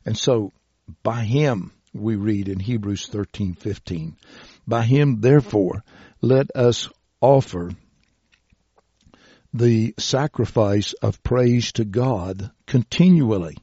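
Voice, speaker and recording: Slow, husky-voiced male preacher. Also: lowish voice, warm tone, no room sound, dull audio. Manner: slow, deliberate, reads scripture aloud. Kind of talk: sermon.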